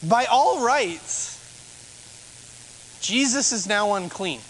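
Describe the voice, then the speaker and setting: A man's voice: high voice, animated, slow pace, a bit bright, slight background noise, low-quality recording. A man, a pastor, preaching a sermon in a conversational way, asking rhetorical questions.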